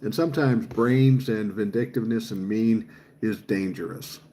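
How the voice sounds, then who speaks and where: A man in his sixties with a dark, mellow voice talks through viewer comments on his livestream. He is blunt and profane, and his opinions come out fired up. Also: on the low side, moderate pace, a little hiss or hum. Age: 60s. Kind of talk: casual chat.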